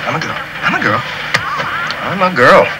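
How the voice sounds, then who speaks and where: A frightened young musician disguised as a woman, talking himself through the ruse in a nervous, self-coaxing way. The pitch leaps and dips wildly. The line comes from an old film soundtrack, thick with hiss. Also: very animated, normal speed. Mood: jittery. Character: jittery young male musician hiding in drag. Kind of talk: 1950s film comedy acting.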